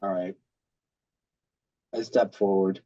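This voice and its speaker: A man's voice: sits low, fairly even intonation, takes it slowly, dark tone, dry recording. A man playing in a tabletop game, eager and full of questions. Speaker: player. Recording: dull lo-fi audio.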